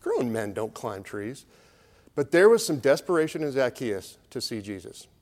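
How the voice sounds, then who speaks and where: With a very animated, slightly mellow voice of medium pitch at normal speed, a middle-aged pastor preaches in a storytelling, conversational style. He acts out crowd voices, and the recording carries a long hall reverb.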